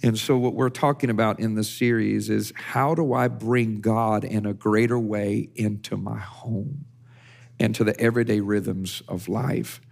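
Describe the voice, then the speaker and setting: A man's voice: lowish voice, steady tone, unhurried, creaky, darkish tone. A male pastor preaching a conversational sermon, with frequent restarts and repeated words.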